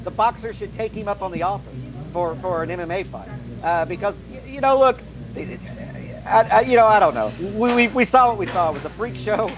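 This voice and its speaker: A man's voice: sits high, animated, a little fast, a crowd in the background, rough recording. A man co-hosting a combat sports talk show, skeptical and repeating himself as he thinks aloud. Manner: skeptical, talks through restarts and hedges. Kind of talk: casual combat sports commentary.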